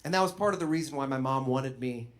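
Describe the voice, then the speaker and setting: A man doing stand-up storytelling, conversational and animated. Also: mid-range voice, fast. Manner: animated, conversational, with bursts of laughter. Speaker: comedian.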